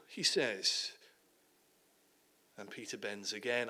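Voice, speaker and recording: Animated man preaching a sermon. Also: a little high, measured pace, long pauses. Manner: dramatic storytelling, drops to hushed tones.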